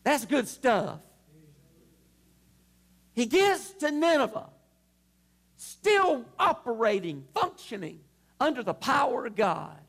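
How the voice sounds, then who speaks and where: Gravelly male pastor, slow deliberate delivery, big swings in pitch, impassioned church sermon. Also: big pitch swings. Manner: impassioned preaching that swells to shouts. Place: church service before a congregation.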